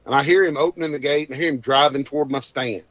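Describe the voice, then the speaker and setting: A man's voice: on the high side, quick pace, a bit bright, dry recording. A man, a podcast guest telling a hunting story in a folksy, rambling drawl. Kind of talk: casual storytelling. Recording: dull dry lo-fi audio.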